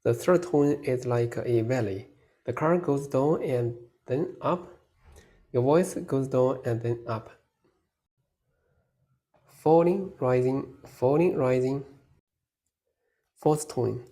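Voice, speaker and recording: A man teaching a beginners' pronunciation lesson in a scripted, deliberate way, holding out model syllables for the listener to repeat. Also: medium pitch, warm tone. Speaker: language teacher.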